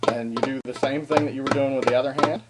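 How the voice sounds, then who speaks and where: A man's voice: medium pitch, steady tone, fast talker, over loud music. A young man giving a casual darbuka lesson, talking informally with frequent ums and uhs and stopping to play between phrases. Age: young adult. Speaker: darbuka teacher. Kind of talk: casual spoken drum lesson. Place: home room with drum. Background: darbuka drumming between phrases.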